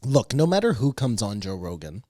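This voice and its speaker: A man co-hosting a podcast in casual chat, arguing his points with halting restarts. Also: lowish voice, big pitch swings, mellow, no room sound. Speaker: podcast co-host.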